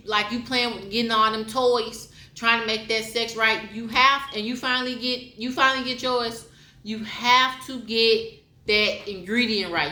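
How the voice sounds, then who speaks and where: A woman talks in a slow, unhurried way, with a bright and forceful tone. She gives a candid, repetitive pep talk and mixes in spoken poetry. Her voice echoes around a roomy space. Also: mid-range voice. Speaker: motivational vlogger. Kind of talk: frank personal monologue with spoken poetry. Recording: roomy echo.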